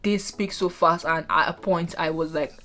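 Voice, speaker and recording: A Nigerian woman vlogging casually, chatting to viewers with animated asides. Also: fairly low pitch, normal speed, soft background music. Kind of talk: casual talking-head vlog.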